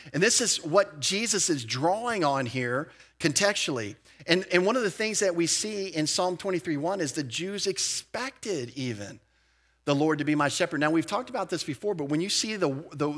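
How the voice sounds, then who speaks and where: A man preaching a verse-by-verse sermon as a pastor, conversational with animated emphasis, asides and quick restarts. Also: fairly high pitch. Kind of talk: expository sermon. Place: church.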